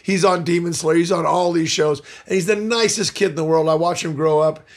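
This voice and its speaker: A man's voice: on the high side, brisk. An older man, a voice actor guest, chatting animatedly in an interview and acting out the people in his stories. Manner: animated storyteller, acts out quotes, opinionated. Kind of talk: casual interview chat.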